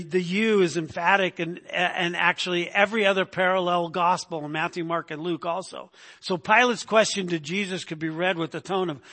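A man delivers a sermon in a high, bright and forceful voice, talking it through with his listeners as if in conversation. He keeps asking them "right?" to check they are following. His voice carries a long reverb from a large hall. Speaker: pastor. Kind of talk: expository sermon.

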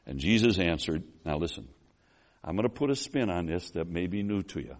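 A man preaching an expository sermon, telling the story with animation, swinging between loud emphasis and quiet asides, calling the congregation folks and restarting his phrases. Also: low-pitched, expressive, brisk. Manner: addresses the congregation as folks, with restarts and apologies for running long.

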